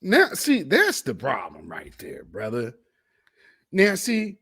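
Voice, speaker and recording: A man's voice: fairly high pitch, huge pitch swings, slow pace, fairly bright tone, slightly rough. A man hosting a commentary show, reacting to video clips in an emphatic, preachy way and drawing out the words he stresses. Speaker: commentary host.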